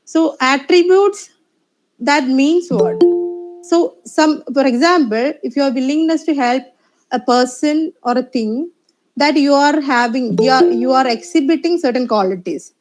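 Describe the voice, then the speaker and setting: Halting Indian English woman lecturer. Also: sits high, darkish tone, low-quality recording. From Kerala, India. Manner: hesitant, many uh fillers and restarts. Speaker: assistant professor presenting a talk. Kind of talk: online lecture presentation. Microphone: video call.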